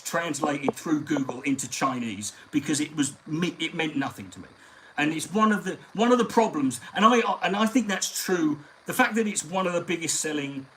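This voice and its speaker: A man hosting a live stream, talking in a rambling, sweary, animated way. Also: fairly high pitch, slight background noise, rough recording. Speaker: comedian and live-stream host. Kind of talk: casual live-stream chat.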